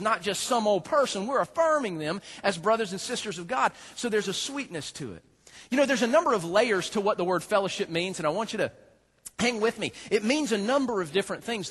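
A man preaching a sermon as a pastor, folksy and joking, with animated storytelling. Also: sits high, breathy edge.

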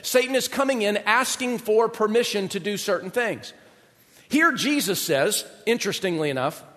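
In a big hall that gives his voice a long, ringing reverb, a pastor preaches at a moderate pace. His voice is notably high and fairly bright, and he speaks expressively, chatting conversationally with the congregation and frequently asking rhetorical questions.

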